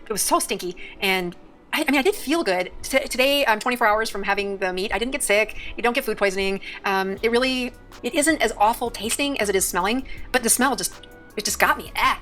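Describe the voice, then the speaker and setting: Chatty middle-aged woman vlogger, fast. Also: a little high, fairly bright tone, soft background music. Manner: chatty, nervous laughter, rambling. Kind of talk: casual home vlog.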